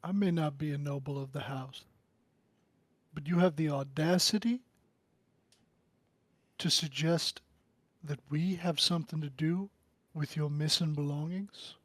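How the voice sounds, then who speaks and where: This is a man playing an adventurer who is passing as a drow envoy. He answers accusations in a formal, indignant way. The voice is slightly high and recorded dry and close. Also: unhurried, long pauses, a bit bright, no echo.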